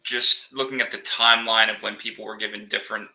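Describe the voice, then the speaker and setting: A man hosting a podcast, asking measured, careful questions in an interview. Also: lowish voice, little pitch movement, pushed and bright, rough recording. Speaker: podcast host.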